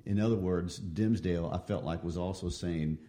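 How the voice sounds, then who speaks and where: A man's voice: deep voice, brisk, warm tone. A man in a casual book discussion, talking in a thoughtful, reflective way. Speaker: co-host discussing a novel.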